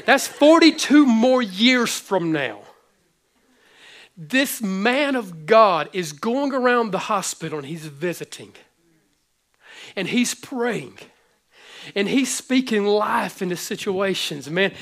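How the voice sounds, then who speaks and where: A man preaching a sermon to his congregation, moving between hushed storytelling and loud, impassioned preaching. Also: sits high, animated, takes it slowly. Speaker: pastor. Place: church hall before a congregation.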